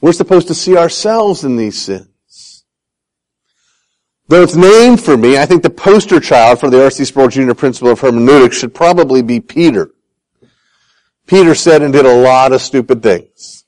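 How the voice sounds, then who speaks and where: A man's voice: medium pitch, normal speed, poor audio. A man preaching a sermon, telling Bible stories with self-deprecating humor and acting out the voices he quotes. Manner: animated, acts out quoted voices.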